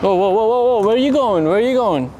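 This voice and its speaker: A man's voice: sits high, animated, fast talker, lo-fi sound, over music. A young man bantering playfully, teasing a friend who is stuck in his car. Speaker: friend of the vlogger. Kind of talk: casual banter.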